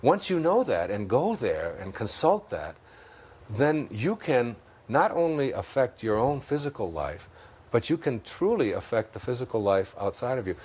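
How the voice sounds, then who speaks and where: A man's voice: mid-range voice, very animated, normal speed, a little mellow, husky. A man with a Detroit accent, a guest in an interview, talking in an expansive, storytelling way and laughing at his own jokes. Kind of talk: reflective spiritual interview talk.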